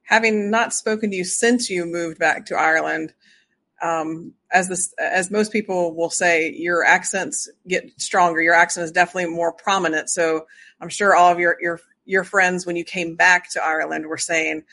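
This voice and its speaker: A woman's voice: on the low side, steady tone, normal speed, pushed and bright. A woman hosting an interview podcast, chatting with a returning guest and laughing often. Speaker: podcast host. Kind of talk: casual interview chat.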